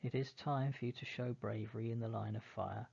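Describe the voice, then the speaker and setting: A man's voice: medium pitch, steady tone, a little fast, gravelly, darkish tone, husky, highs cut off. A man voicing a pompous, bossy elder brother who plays at giving military commands. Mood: commanding.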